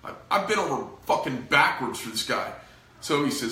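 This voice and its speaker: A middle-aged man vents to camera about his business in a loose, rambling way, swearing freely and sounding fed up. His voice has a bright, forceful edge. The room around him is echoey. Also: mid-range voice, animated, moderate pace. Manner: profane, frustrated, rambling. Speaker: knife company owner. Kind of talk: casual venting to camera.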